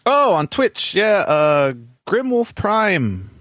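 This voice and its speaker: A man guesting on a podcast, joking and teasing in relaxed banter. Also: sits high, slow, no room sound, studio quality. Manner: teasing, laid-back.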